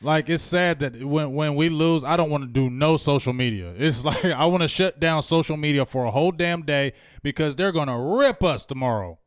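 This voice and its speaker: A man's voice: a little high, moderate pace, few pauses, clean tone, dry recording, clean studio sound. A man co-hosting a postgame fan chat, venting with frustration and growing emphatic. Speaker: co-host.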